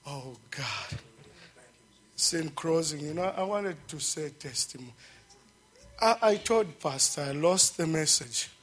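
A middle-aged man giving an emotional testimony at a church service, halting and fervent, breaking into praise. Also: on the high side, animated, fairly bright tone, husky.

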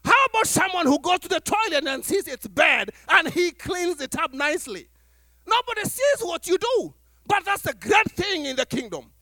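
A man preaching a sermon as pastor to his church, animated, acting out little dialogues and laughing as he talks. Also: very high voice, normal speed, dry recording, studio quality.

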